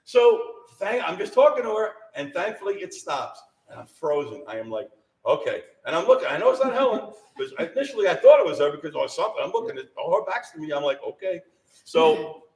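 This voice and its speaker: A man's voice: fairly high pitch, sing-song, brisk, recorded from a distance. A middle-aged man animatedly telling a ghost story to a small live audience, laughing and acting out the voices. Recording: roomy sound from off-mic.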